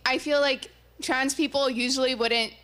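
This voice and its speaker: A woman on a podcast panel, speaking hesitantly and in a measured way, with many fillers. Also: sits high, fairly even intonation, fairly bright tone. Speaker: panel guest. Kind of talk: group discussion.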